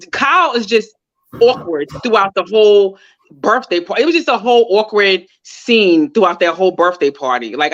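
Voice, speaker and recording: A woman co-hosting a casual reality TV recap, chatty and animated as she retells scenes. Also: mid-range voice. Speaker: podcast co-host. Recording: dull lo-fi audio.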